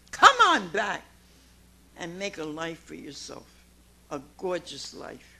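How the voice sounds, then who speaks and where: Gravelly-voiced woman in her nineties. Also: on the low side, slight background noise. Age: 90s. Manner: emphatic, swings from quiet to loud exclamations. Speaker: recovery meeting speaker. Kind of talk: personal testimony to a meeting.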